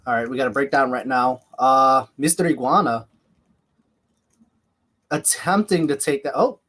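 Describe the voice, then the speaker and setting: A man's voice: mid-range voice, unhurried, a bit bright. A man hosting a live watch-along stream with a slight lisp, chatting casually while calling the action and reading viewer comments. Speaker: livestream host.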